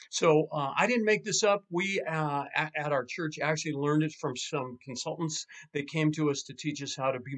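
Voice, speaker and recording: A man working as a pastor and marriage coach talks through a practical lesson in a relaxed, conversational way. His voice sits a little high for a man. He livens things up by acting out what husbands and wives say. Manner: animated, acts out quoted spouses. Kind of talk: casual teaching monologue.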